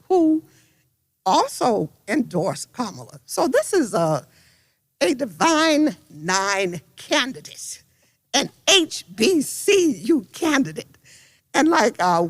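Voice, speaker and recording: An older woman speaking as a congresswoman at a community roundtable, effusive and telling stories. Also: no room sound. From South Florida. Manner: effusive, storytelling, rises high when excited.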